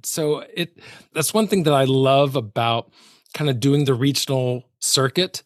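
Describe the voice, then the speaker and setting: A man's voice: mid-range voice, fairly even intonation, normal speed, no echo. Earnest male host, dry close mic. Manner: earnest, reflective, draws on his own stage work. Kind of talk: casual interview chat.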